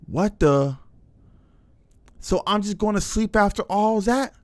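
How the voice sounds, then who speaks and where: Playing a horror game live, a young male streamer chats with viewers in a jumpy way, dropping casual slang. His voice sits a bit high for a man, expressive, slow and darkish, and the sound is dry and close with no room echo.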